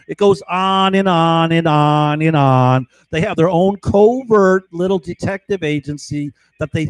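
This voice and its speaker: A man rants into a microphone at home in an agitated, profane live monologue, keeping up a rambling flow that he punctuates with "right?" and "okay?". His voice sits somewhat high for a man. The sound is dry and close, with no room echo. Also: a little mellow. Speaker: livestreamer. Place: at home, indoors.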